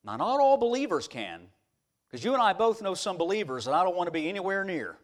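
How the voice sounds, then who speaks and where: Here a pastor preaches quickly in a high voice, spinning stories in a folksy, animated sermon full of repeated restarts.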